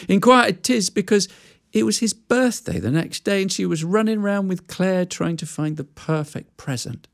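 A woman storyteller telling a fairy tale in an animated, conversational way with asides to listeners. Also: lowish voice.

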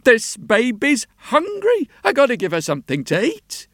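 A man voicing a gentle lone sailor who frets aloud to himself and speaks tenderly about a foundling baby. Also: extremely high pitch, huge pitch swings, normal speed, dry recording, clean studio sound, pitched above the performer's own voice, full character voice. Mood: worried. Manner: fretful, soothing, talks to himself.

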